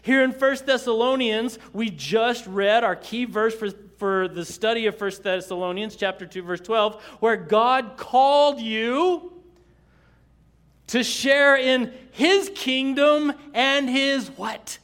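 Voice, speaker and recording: A man preaching a sermon as pastor, slow and emphatic, drawing responses from the congregation with asides and chuckles. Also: extremely high pitch, fairly bright tone.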